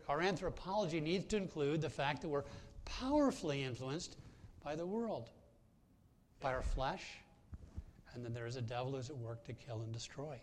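A man's voice: medium pitch, a little mellow, slight background noise. A man preaching a sermon as pastor, telling a personal story in a conversational way with frequent hesitations and restarts.

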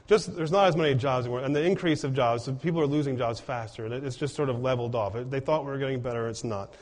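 A man's voice: mid-range voice, quick pace, darkish tone. A man preaching a sermon in an earnest way, often putting rhetorical questions to his congregation. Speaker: pastor.

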